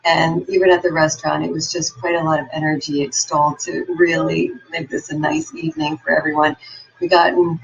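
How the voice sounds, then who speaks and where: A woman's voice: low-pitched, little pitch movement, a little fast, creaky, highs cut off. Upbeat woman giving a motivational talk. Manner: upbeat, encouraging storyteller. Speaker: motivational speaker. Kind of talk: motivational talk with personal stories.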